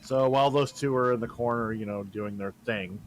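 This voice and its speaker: A man running a tabletop role-playing session as game master, narrating casually with frequent pauses and fillers. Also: mid-range voice, faint music behind.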